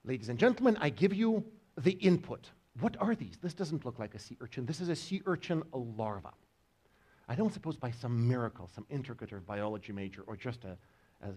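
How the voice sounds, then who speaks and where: A man's voice: mid-range voice, a little mellow. A man giving a university biology lecture, joking with his students as he explains. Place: lecture hall.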